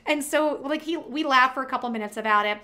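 A woman vlogger telling a personal story to her viewers in a casual, animated, chatty way, with quick asides to the audience. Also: high voice.

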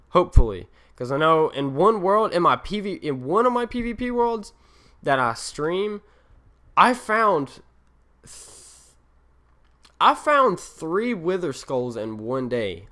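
A man's voice: medium pitch, sharp tone. A young man narrating his own game as he plays, in rambling, self-mocking commentary that drifts from one thing to the next. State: tired. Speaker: gaming channel host. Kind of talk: Let's Play commentary.

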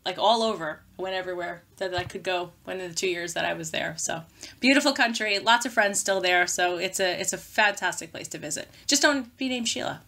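A woman with a strong Queens New York accent and a bright, sharp voice. She chats as a podcast guest, animated and quick to laugh. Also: fairly low pitch, gravelly. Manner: animated, storytelling, laughing easily. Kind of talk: casual chat.

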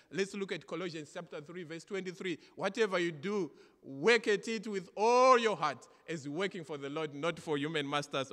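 A middle-aged man preaching a sermon in a church, earnest and repetitive, moving between loud exhortation and soft, personal storytelling. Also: fairly high pitch. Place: church hall. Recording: church hall reverb.

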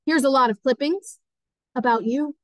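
A woman's voice: high-pitched, moderate pace, no room sound, lightly acted. Woman reading as a genial rich young man. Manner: genial, says "old sport" often. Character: wealthy charming young man, eager host.

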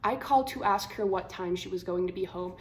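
A twenty-year-old woman vlogging, telling a story to camera in a blunt, slangy, animated way. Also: mid-range voice, fairly quick. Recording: roomy echo, faint room hum.

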